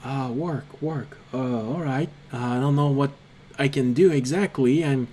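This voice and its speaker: A man's voice: medium pitch, unhurried, mellow, slight background noise, natural voice. A man voicing a small, nervous, frail male kobold who stammers and apologizes a lot.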